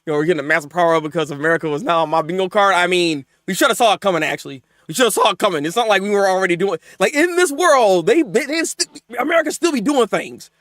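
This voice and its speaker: A man streaming a live manga reaction. He gets excited, laughs often and chats with his viewers. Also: high-pitched, quick pace, hardly any pauses, no room sound, studio quality.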